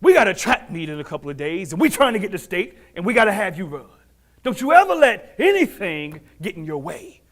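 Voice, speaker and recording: A man putting on the voice of a tough, demanding high school track coach who barks gruff orders. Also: wildly swooping pitch, rapid-fire, hardly any pauses, sharp tone, full character voice. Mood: barking.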